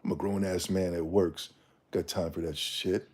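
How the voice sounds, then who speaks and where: Man, livestream host, casual rant, blunt slang, dark husky tone. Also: sits low, steady tone, moderate pace. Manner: blunt slangy opinionated ranting. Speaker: streamer.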